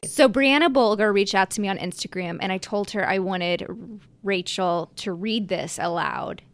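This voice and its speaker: A woman hosting a podcast in casual chat, quick and chatty, reading out listener messages. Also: mid-range voice, faint music behind. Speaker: podcast host.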